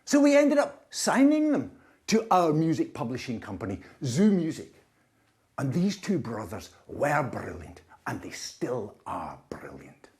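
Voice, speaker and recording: A man's voice: medium pitch, huge pitch swings, unhurried, darkish tone. A man with a Scottish accent telling a first-person story in a wry, dry way. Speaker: narrator, music publisher.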